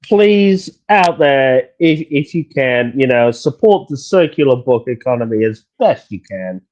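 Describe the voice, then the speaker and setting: A man's voice: medium pitch, big pitch swings, unhurried, darkish tone, lo-fi sound. A man co-hosting a casual book-talk podcast, talking animatedly with stumbling restarts. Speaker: podcast co-host. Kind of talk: casual chat.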